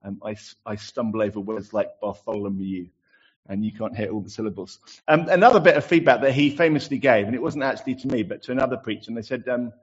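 A man's voice: on the low side, fast talker, slightly rough, highs cut off. A man preaching a sermon, chatty and self-deprecating, with many fillers as he tells anecdotes. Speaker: pastor.

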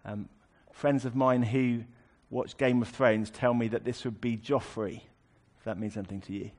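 A man's voice: mid-range voice, fairly even intonation, normal speed, darkish tone. A man preaching a sermon, explaining a scripture passage in a conversational way with wry asides.

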